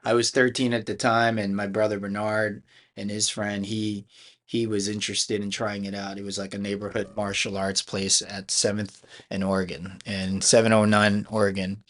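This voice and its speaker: A middle-aged man from Philadelphia, a karate school owner and chief instructor, tells stories from his life in a casual podcast interview. His voice sits low, and he rambles along with frequent restarts and fillers. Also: little pitch movement, normal speed, fairly bright tone. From Philadelphia, United States.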